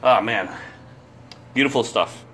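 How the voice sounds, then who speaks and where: A man's voice: medium pitch, a little slow, fairly bright tone. Enthusiastic man showing off blades. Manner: enthusiastic, explains blades in detail. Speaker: host. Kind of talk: casual chat. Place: Florida.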